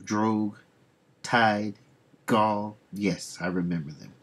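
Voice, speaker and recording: A man's voice: fairly low pitch, slow, a bit bright, heavily acted. A man voicing a grave, ancient male sea god, reading solemn archaic lines from a comic.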